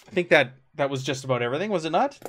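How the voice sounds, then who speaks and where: A man's voice: a little high, expressive, racing, fairly bright tone. A man running a tabletop game as game master, narrating casually with many fillers.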